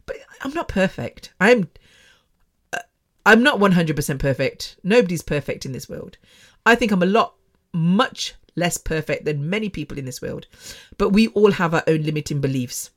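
A woman's voice: lowish voice, fairly bright tone. A middle-aged woman speaks into a microphone from her bedroom as the host of her own podcast. She rambles frankly and emotionally, laughing and restarting as she goes. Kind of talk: candid personal podcast monologue.

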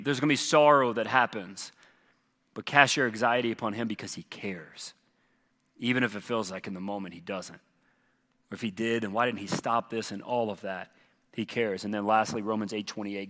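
A man pastor speaks earnestly, repeating key phrases to drive them home. His voice is bright and forceful. It rings with a long reverb from a large church auditorium. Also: on the low side. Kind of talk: church Q&A teaching.

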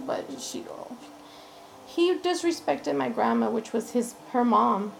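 Slow and creaky, this fairly high female voice comes through a rough recording with a little hiss or hum. She's an interview guest sharing her personal story candidly and frankly, frequently repeating what others said to her.

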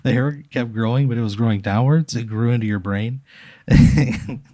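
A man's voice: mid-range voice, moderate pace, mellow, no echo, clean studio sound. Rambling man spinning a tall tale. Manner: rambling, heavy on filler words, breaks into laughter. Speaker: podcast co-host telling a hypothetical. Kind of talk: casual chat, absurd storytelling.

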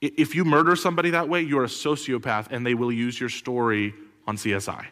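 A man preaching a sermon as pastor, animated and full of rhetorical questions, with sudden loud bursts. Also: medium pitch, a little fast. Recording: long hall reverb.

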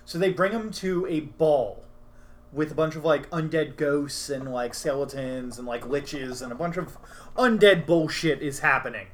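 A young man rambles through a recap of a game session on his podcast, telling it casually with many fillers and restarts. His voice is a little high and a little slow.

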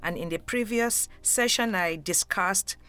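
A woman's voice: medium pitch, measured pace, bright, forceful tone, clear, resonant tone. A woman giving an earnest devotional Bible teaching, emphatic and speaking straight to the listener as a friend.

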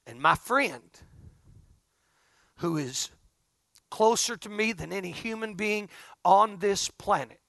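A middle-aged man preaching a folksy storytelling sermon, swinging from hushed asides to loud outbursts. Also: high-pitched, slow, vocal fry, pauses often, no room sound, clean studio sound.

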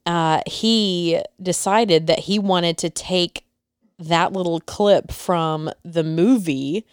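A woman in her thirties, a teacher co-hosting a casual chat, playful and quick to push back. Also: lowish voice, clear, resonant tone, dry recording, studio quality. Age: 30s. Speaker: teacher and podcast co-host.

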